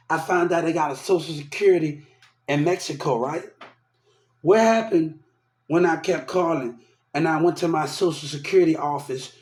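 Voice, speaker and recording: A man with a slightly high, darkish voice delivers an aggrieved, repetitive rant about how he has been treated, quoting things people said to him. The recording has the echo of a reverberant room.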